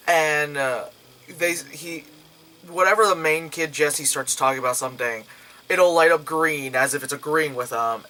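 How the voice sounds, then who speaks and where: Young male vlogger, bright tone, profane rambling reviewer, slips into quick character impressions. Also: on the high side, rough recording. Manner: profane, rambling, acts out characters' lines in raised voices. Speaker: movie reviewer. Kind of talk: casual spoken movie review.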